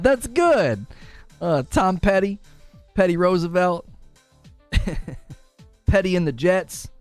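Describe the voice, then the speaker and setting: A young male gaming streamer from Northern Ohio chats with his live audience in a high, animated voice that swoops all over. He teases his chat and laughs a lot. The sound is close and dry, with faint music under it. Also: dry recording.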